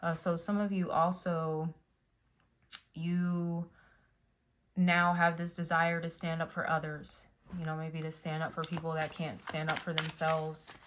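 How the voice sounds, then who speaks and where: A woman's voice: sits low, level tone, measured pace, slight background noise. A woman giving a casual spiritual tarot reading, rambling with many fillers and restarts. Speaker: tarot reader.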